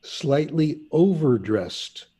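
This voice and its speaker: An older man telling stories in an easygoing interview. His voice is mellow and a little husky. He wanders through anecdotes with asides. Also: fairly high pitch, animated, drawn-out words. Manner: chatty anecdotal storyteller, laughs at himself. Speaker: interview guest, linguist. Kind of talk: casual storytelling.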